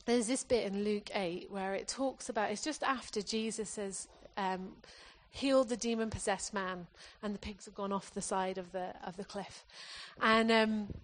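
A woman's voice: medium pitch, fairly even intonation. Earnest woman preaching a sermon. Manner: earnest, halting restarts, exhorting the congregation.

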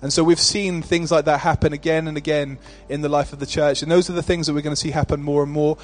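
A male pastor delivering a sermon in a rhythmic, repetitive cadence that builds to forceful declarations. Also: a little high, level tone, fast, faint music behind.

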